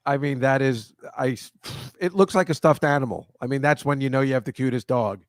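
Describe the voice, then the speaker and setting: A man hosting a loose comedy chat, his voice sitting at an everyday middle pitch. He rambles and backtracks, stumbling over names and restarting sentences. The sound is dry and close, with no room echo. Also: a little fast. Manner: rambling, self-correcting, chatty. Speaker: host. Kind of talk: casual video-call chat.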